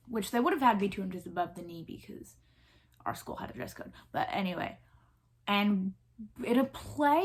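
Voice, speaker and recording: A woman in her twenties from the US South with a Southern accent, chatting casually as a vlogger, rambling with many fillers and restarts. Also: medium pitch. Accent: Southern American. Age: 20s. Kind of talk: casual chat.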